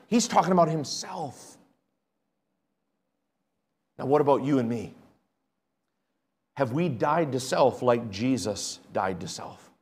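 A man preaching a sermon, reading scripture aloud and swinging between hushed, quiet points and loud, emphatic ones. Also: sits high, moderate pace. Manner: reads scripture aloud in old-fashioned wording.

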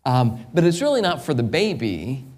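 A man's voice: medium pitch, big pitch swings, moderate pace. Impassioned evangelist preacher, man. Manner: builds to loud impassioned peaks, then drops to quiet storytelling. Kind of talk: sermon.

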